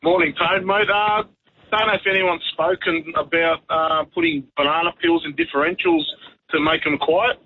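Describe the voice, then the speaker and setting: A man's voice: on the high side, steady tone, normal speed, breathy edge. A man calling in to a talkback radio show, matey and easygoing. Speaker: caller. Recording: tinny phone line.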